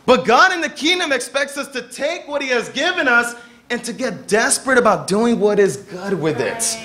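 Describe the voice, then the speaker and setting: A young man preaching a sermon as pastor, telling stories and acting out the people he quotes with lively energy. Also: extremely high pitch, moderate pace. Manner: animated storytelling, acting out quoted voices.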